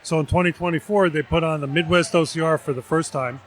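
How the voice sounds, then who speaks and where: A man from New Jersey with a slightly raised pitch explains his organizations step by step. His delivery is measured and informative, like a vendor talking at a booth. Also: fairly even intonation. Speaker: vendor representative. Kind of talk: casual interview.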